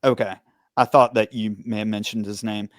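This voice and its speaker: A man's voice: fairly low pitch, flat delivery, normal speed, no echo, studio quality. An American man, a former police officer, hosting a podcast and steadily guiding the interview with questions and his own account. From United States. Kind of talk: interview conversation.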